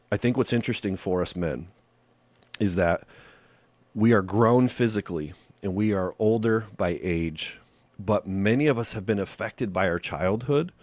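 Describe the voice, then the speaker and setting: A man with a very low voice talks earnestly and conversationally, giving faith-based relationship advice as a podcast host. He often stops to ask rhetorical questions. His voice sounds dry and close, with no room echo.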